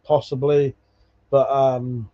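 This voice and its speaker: Speaking slowly in a medium-pitched voice with little pitch movement, a male host chats with his livestream audience. He reads their comments and tells rambling stories full of swearing and laughs, and the stream audio sounds dull and lo-fi.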